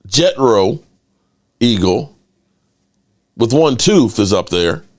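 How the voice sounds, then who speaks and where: A man hosting a casual sports fan livestream. He reads chat aloud and rants with animated energy. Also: mid-range voice. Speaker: host of a sports fan channel.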